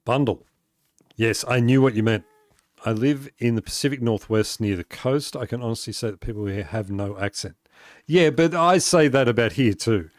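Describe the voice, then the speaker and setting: A man chatting easily through a live game stream, reading messages aloud and laughing often between tasks. His voice sits at an ordinary middle pitch. The sound is dry and close, with no room echo. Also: normal speed. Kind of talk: casual live-stream chat while playing.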